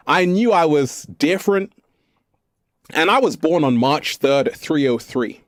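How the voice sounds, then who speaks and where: A man from England talking casually to camera from an art gallery, playful and animated, stretching out his words. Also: fairly high pitch, dry recording, clean studio sound. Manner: animated, playful, slow drawn-out phrases, fond addresses to viewers. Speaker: vlogger and self-help speaker. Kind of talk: casual spiritual talk to camera.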